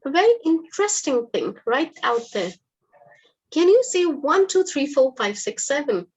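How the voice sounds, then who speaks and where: A woman with a high voice that swings widely in pitch speaks at a moderate pace with a darkish tone, in a low-quality recording. She's an English teacher giving a live online lesson, explaining things patiently and encouragingly.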